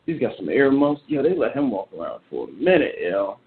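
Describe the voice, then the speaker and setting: A man hosting a show, ranting in casual commentary in a blunt, animated way and swearing often. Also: mid-range voice, a little fast, a little hiss or hum. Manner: animated, blunt and profane, reacting aloud. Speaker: show host. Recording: tinny phone-like sound.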